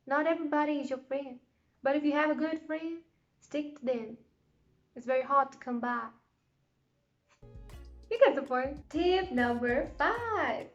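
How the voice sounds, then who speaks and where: A woman's voice: high-pitched, highs cut off. A woman vlogger giving casual, encouraging advice, chatty and full of asides. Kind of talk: casual advice chat to camera.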